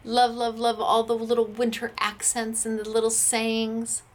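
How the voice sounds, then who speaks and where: Chatty, bright-voiced American woman demonstrating crafts. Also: fairly high pitch, completely flat delivery, measured pace. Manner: chatty and enthusiastic, gushing over products. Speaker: shop owner demonstrating crafts.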